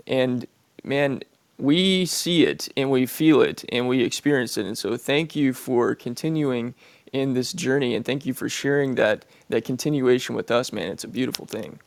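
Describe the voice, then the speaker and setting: A podcast guest in casual chat, affirming and expressive. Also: medium pitch, moderate pace, no echo.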